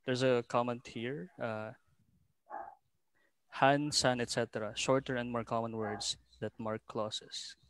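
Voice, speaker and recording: A man's voice: medium pitch, fairly even intonation, slow, a bit bright, clean tone. A man moderating an online panel discussion over a video call, musing aloud and reading out audience comments. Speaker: forum moderator.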